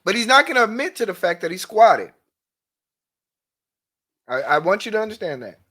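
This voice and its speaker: A man's voice: high voice, sing-song, normal speed, bright, forceful tone. A man hosting casual commentary on a clip, emphatic and repeating words to drive each point home. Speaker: commentary host.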